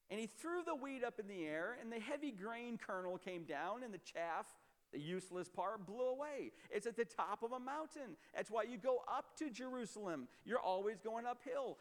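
A man preaching a sermon as a pastor, emphatic and explanatory, often dropping to a low, quiet voice. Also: big-room sound.

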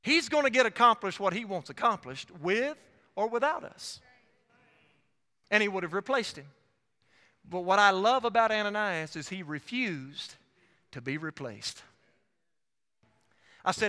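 A man with a bright, ringing, fairly high voice preaches an evangelistic sermon, surging loud and then dropping low as he retells his own story. His words carry a long reverb from the church sanctuary where he stands. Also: animated, unhurried, long pauses. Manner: dynamic preaching with sharp swings in loudness and frequent self-quotation.

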